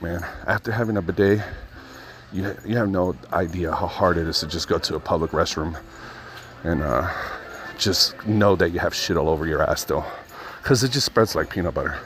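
Man, low voice, casual profane vlogger talking into a phone at his ear inside a store. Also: a little fast, a bit bright. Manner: rambling, profane storytelling. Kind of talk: casual vlog monologue while out shopping. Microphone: phone held to his ear.

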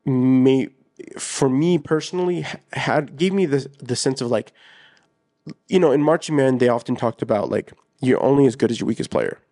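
A man co-hosting a casual podcast, speaking in an easygoing, halting way. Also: medium pitch, dark tone, no room sound, studio quality. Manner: easygoing, halting, lots of fillers. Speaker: podcast co-host.

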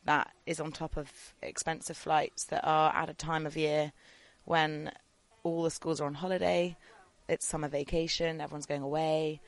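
A woman, a podcast guest in casual chat, measured and mildly exasperated. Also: sits low, flat delivery, vocal fry, no room sound.

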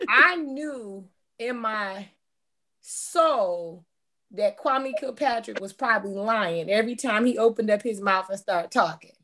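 A woman's voice: mid-range voice, unhurried, fairly bright tone, slight background noise. A woman co-hosting a casual chat, teasing the others and making her points with emphasis. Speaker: podcast co-host.

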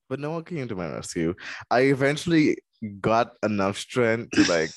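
Animated storytelling man, dry sound. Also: mid-range voice, dry recording. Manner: animated storytelling with laughs and quoted voices. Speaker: podcast co-host. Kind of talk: casual chat.

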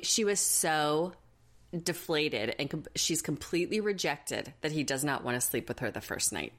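A woman's voice: sits low, lively intonation, normal speed. A woman hosting a podcast, chatting casually and sarcastically while recapping a TV show with dramatic retellings. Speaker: podcast host.

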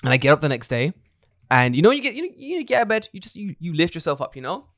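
Animated, swearing young podcast host. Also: male voice, fairly high pitch, quick pace, dry recording, clean studio sound. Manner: animated, swearing storyteller who acts out quotes. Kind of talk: casual chat.

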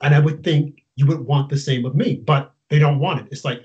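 Host guy, kinda high voice, emphatic and fed-up, muffled lo-fi audio. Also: brisk, darkish tone. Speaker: interview host. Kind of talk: casual interview. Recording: dull lo-fi sound.

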